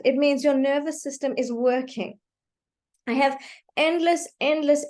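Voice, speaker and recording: Woman, high voice, animated parenting webinar presenter on a video call, storytelling, engages the audience with questions. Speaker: parenting speaker. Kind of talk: online webinar talk.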